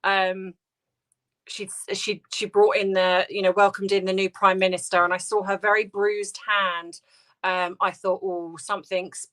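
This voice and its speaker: A British woman hosting a casual livestream, talking softly and hesitantly with many ums and restarts as she answers viewer comments. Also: medium pitch. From United Kingdom. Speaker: livestream host.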